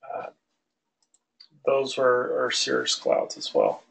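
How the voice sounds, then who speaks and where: A male aviation instructor lecturing an online class in a relaxed, loose way, with many fillers and restarts. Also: medium pitch, takes it slowly, gravelly, poor audio. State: out of breath.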